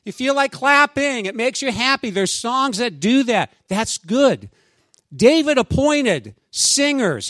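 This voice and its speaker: A man preaching a sermon as pastor, in a conversational, animated way with asides to his congregation. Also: very high voice, no echo.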